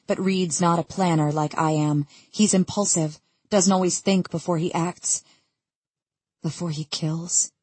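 Woman, audiobook narrator, first-person reading, husky, dry close mic. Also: low voice, warm tone, no echo.

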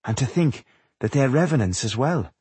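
A man voicing a friendly, caring young woman blacksmith in a storybook reading, speaking gently. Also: medium pitch, expressive, normal speed, husky, dry recording. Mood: sad.

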